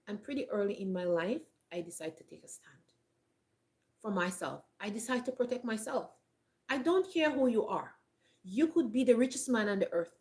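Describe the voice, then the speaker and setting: A woman giving blunt, emphatic advice straight to camera on a countryside homestead, laughing often, with a frog in her throat. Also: mid-range voice. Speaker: homestead vlogger. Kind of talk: direct-to-camera advice talk.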